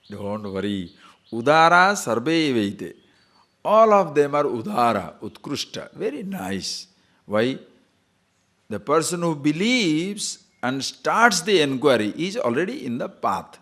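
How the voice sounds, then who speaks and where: A man, a spiritual teacher giving a conversational scripture lecture, posing rhetorical questions and chanting verses slowly. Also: medium pitch, sing-song, a bit bright.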